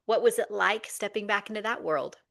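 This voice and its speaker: A woman's voice: medium pitch, fairly quick, creaky, a bit bright. A woman hosting an interview, asking questions and responding with enthusiasm and affirmation. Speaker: podcast host, interviewer.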